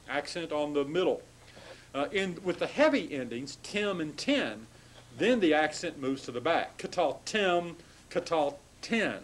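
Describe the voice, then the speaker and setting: A man's voice: fairly high pitch, low-quality recording. A man teaching a classroom lecture on Hebrew grammar, explaining step by step, with frequent restarts and checks of "okay?".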